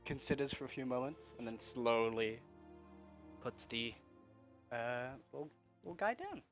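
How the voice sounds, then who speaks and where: A man's voice: mid-range voice, expressive, unhurried, soft background music. A man running a tabletop game as game master, loose and laughing.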